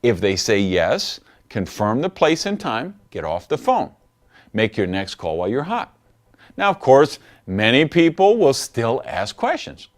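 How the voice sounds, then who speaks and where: A male trainer delivers a recorded lesson on inviting prospects, animated and direct. His pitch sits in a middle range but rises and falls widely, and he slips into little acted phone calls along the way. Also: unhurried. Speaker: network marketing trainer.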